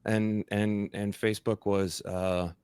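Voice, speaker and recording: A man's voice: lowish voice, level tone, slow, a little mellow, smooth, no room sound, studio quality. A man hosting a marketing podcast, chatting casually with playful, joking asides. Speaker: podcast host. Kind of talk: casual interview chat.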